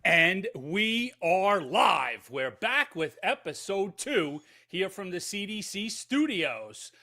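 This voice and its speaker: A man's voice: sits high, big pitch swings, takes it slowly, sharp tone. A man hosting a casual podcast, upbeat and chatty with plenty of fillers. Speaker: podcast host.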